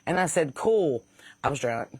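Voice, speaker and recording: A woman's voice: deep voice, lively intonation, normal speed, darkish tone, slightly rough, no echo. A woman podcast host with a Southern accent, blunt and sarcastic in casual comedic talk, laughing at her own jokes and a bit stuffy from sinus trouble.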